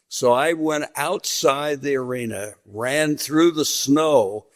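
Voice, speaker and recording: An older man from western Kansas, a veteran sportscaster telling stories in a sit-down interview and acting out the dialogue he quotes. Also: mid-range voice. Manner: vivid storyteller, acts out quoted dialogue.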